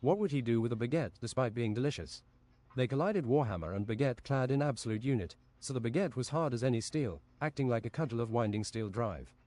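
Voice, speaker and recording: A man reading an absurd fantasy story aloud on a stream in a deadpan, matter-of-fact way. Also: medium pitch, fairly quick.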